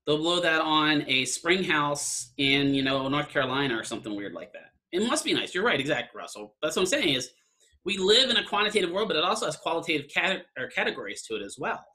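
A man's voice: on the high side, big pitch swings, a little fast, bright, forceful tone. A man lecturing an online class in a casual, conversational way, often checking in with "right?". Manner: conversational, keeps asking "right?".

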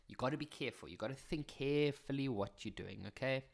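A man's voice: medium pitch, quick pace, gravelly. A young man with a South African accent walks through maths exam questions in a casual teaching voice. He keeps it chatty and breaks in with jokes at his own expense. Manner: chatty, jokey, self-mocking asides.

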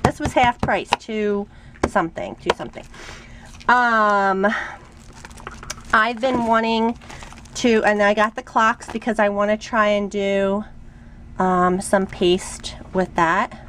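A young woman chatting casually as she shows off a craft haul at home, rambling and gushing with excitement. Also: mid-range voice, slight background noise. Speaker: craft vlogger. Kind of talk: casual show-and-tell haul.

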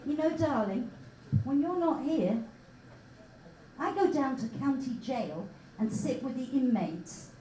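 High lively sarcastic woman with an English accent. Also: a little slow, echoey room, far from the mic, slight background noise, rough recording. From England and Israel. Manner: dry, mock-sweet sarcasm. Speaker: stand-up comedian. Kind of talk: stand-up set. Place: small comedy bar stage.

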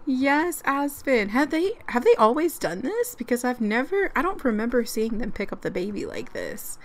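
A woman's voice: a little high, moderate pace. Chatty, giggly young woman gamer. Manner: chatty and excitable, with frequent giggles and fillers. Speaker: gaming channel host. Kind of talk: casual let's-play commentary.

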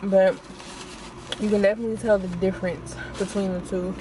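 A woman's voice: medium pitch, a little fast, noisy background. A young woman, chatting casually to viewers as she reviews food in a car on her phone. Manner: chatty, animated, talks to viewers as y'all. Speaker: vlogger.

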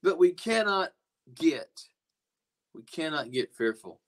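A man preaching in a podcast sermon, earnest and a little rambling. His voice sits somewhat high for a man. He circles back and restarts phrases as he talks. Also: very animated, slow pace. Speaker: pastor.

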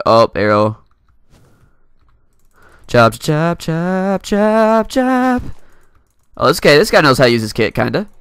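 Lively young man commenting on gameplay. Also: mid-range voice, creaky, no echo, studio quality. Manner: playful, laughs often, talks to opponents. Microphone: desk mic.

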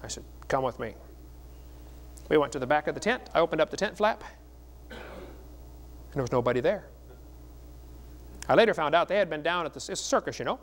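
A middle-aged man preaches at a seminar, his voice slightly high for a man. He tells stories in a folksy, joking way and keeps the delivery lively. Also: brisk, pauses often. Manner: folksy, joking, animated storytelling. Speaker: evangelist speaker.

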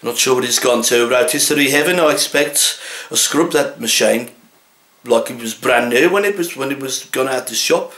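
A man's voice: mid-range voice, moderate pace, fairly bright tone, echoey room, close to an everyday voice. A man in his sixties with a Birmingham accent, playing a chatty, jolly butcher who tells rambling comic anecdotes with frequent chuckles. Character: chatty older male butcher, jolly and exasperated. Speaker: comedy butcher character.

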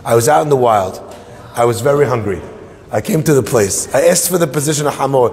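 A man's voice: medium pitch, a little fast, natural voice. A man voicing a stubborn male donkey who runs the zoo, in a joke told from the pulpit. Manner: flat, unbending. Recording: long hall reverb.

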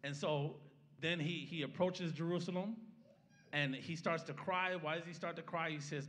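Speaking at normal speed with a slightly high, somewhat bright voice and fairly even intonation, a pastor delivers a sermon in a church sanctuary. He begins with a prayer and then teaches the Bible passage conversationally, frequently asking the congregation "right?" The big-room sound carries slight background noise.

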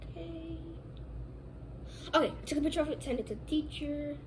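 A woman's voice: high voice, a little fast, slight background noise, close to an everyday voice. A woman voicing a bratty, scheming young turtle prince in a puppet comedy skit, rambling and stammering.

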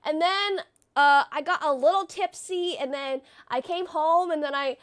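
Very high-voiced chatty woman. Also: normal speed. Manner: chatty storytelling, acts out quotes; many fillers like "like". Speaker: livestreamer. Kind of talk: casual stream chat.

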